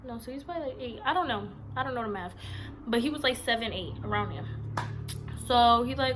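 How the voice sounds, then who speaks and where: A young woman, telling a personal story to her vlog audience in a loud, slangy, animated way. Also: fairly high pitch, fairly quick, a little hiss or hum. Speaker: vlogger.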